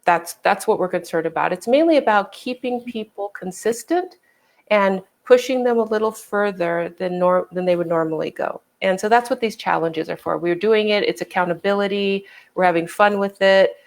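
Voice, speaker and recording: A woman's voice: mid-range voice, moderate pace. A woman fitness trainer co-hosting a casual livestream, explaining things and quoting past conversations.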